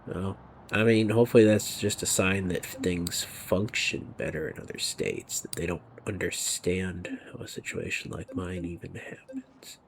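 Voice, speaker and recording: Man, gravelly low voice, rambling gameplay commentary, faint hiss behind. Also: a little slow. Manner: rambling, musing, drifts to a near whisper. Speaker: gaming video creator. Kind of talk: casual commentary over gameplay.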